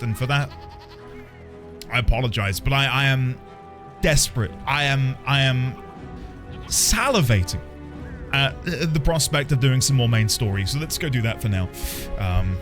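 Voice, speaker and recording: A man's voice: mid-range voice, moderate pace, music in the background. A man streaming a video game, chatting playfully and animatedly with his viewers. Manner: playful and animated, talking to chat. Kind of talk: casual gaming commentary.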